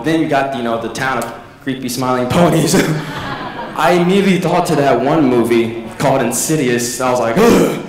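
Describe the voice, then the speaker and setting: A man doing a casual stand-up comedy set at a convention, rambling and acting out quotes. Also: a little high. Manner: rambling, restarts, acts out quotes. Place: convention hall. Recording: echoey hall, mic at a distance.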